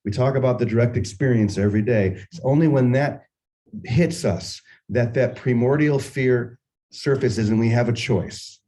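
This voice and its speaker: An older man hosting a morning spiritual session, musing unhurriedly and telling a personal story with gentle humor. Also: mid-range voice, moderate pace, poor audio. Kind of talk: reflective spiritual talk with storytelling.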